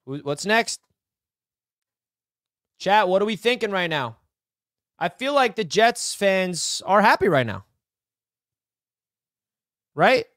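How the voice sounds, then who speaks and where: A man's voice: sits high, sing-song, slow, pauses often, a bit bright, dry recording, clean studio sound. A young man hosting a live stream, reacting to sports news with hyped, rambling chatter aimed at his chat.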